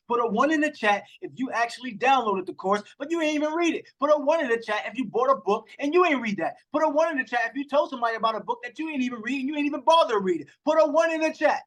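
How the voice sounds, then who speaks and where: High-voiced passionate man coaching a group. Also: a bit bright. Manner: passionate, emphatic, addresses the group directly. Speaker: accountability coach hosting a group call. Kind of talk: motivational coaching talk. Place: online group call. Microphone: video call.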